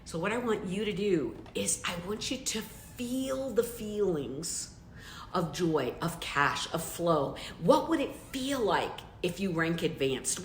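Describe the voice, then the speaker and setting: A woman coach delivers a motivational training with a very lively, up-and-down pitch, pressing her points with repeated direct questions. Her voice rings out in a roomy, echoey space. A faint rumble sits underneath. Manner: emphatic, addresses listeners directly with repeated questions. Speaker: business coach.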